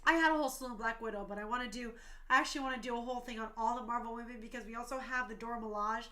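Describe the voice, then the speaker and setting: A woman's voice: fairly high pitch, steady tone, very fast, pushed and bright, a little hiss or hum. A woman in her thirties hosting a talk show stream, speaking passionately and emotionally, tearful at times.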